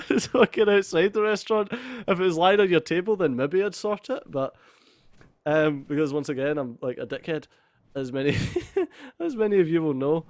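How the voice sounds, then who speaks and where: A man's voice: a little high, lively intonation, moderate pace, no room sound. A young man hosting a let's play, telling a story in a casual, sweary way and laughing through it. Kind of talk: casual storytelling over gameplay.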